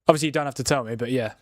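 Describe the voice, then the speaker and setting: A man, hosting a live football watchalong and chatting in a rambling, animated way, with plenty of laughs and restarts. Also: mid-range voice, dry recording, clean studio sound. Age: 40s. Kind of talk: casual live commentary and chat.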